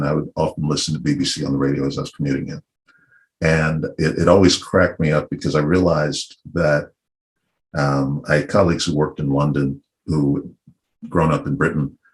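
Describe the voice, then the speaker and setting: A middle-aged man from Virginia speaking on a panel discussion in a thoughtful, unhurried and wry way. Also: extremely low pitch. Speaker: panel guest.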